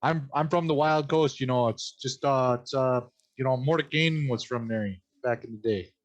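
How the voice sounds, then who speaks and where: A man's voice: medium pitch, muffled recording, lightly acted. A man playing a rambling, oversharing young scholar. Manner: rambling, fills every pause with "you know". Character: rambling, eager young male scholar adventurer. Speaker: player in character. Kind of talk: tabletop role-play.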